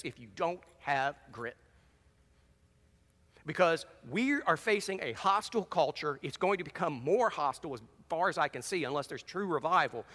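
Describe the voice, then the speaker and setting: A man preaching a sermon as pastor, animated, telling jokes and reading scripture with dramatic emphasis. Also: fairly high pitch. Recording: long reverb of a large hall.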